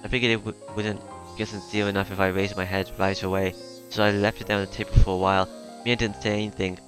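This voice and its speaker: A man reading a visual novel aloud in the first person, halting at times with fillers and restarts. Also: lowish voice, level tone, music in the background.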